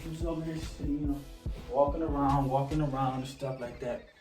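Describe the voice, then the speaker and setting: A young man telling a personal story on his vlog in casual slang. He is animated and acts out the dialogue. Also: mid-range voice, brisk, soft background music. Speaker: vlogger.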